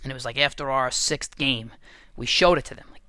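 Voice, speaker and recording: A man who coaches football, giving an energetic, animated motivational talk full of stories and restarts. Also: medium pitch, a little fast, no echo.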